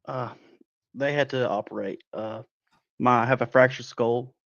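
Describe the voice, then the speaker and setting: A man's voice: medium pitch, fairly even intonation, normal speed, a bit bright, no room sound, dull audio. A man who is a guest wrestler giving an in-character interview, defensive, aggrieved and boastful.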